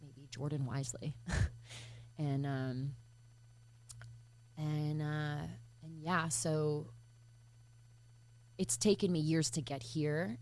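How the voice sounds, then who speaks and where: A woman from Michigan with a notably low voice talks through a personal topic in an interview. She is earnest and searching, stopping often with fillers and circling back to rephrase. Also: steady tone, takes it slowly, long pauses, darkish tone. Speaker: podcast guest. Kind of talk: reflective interview talk.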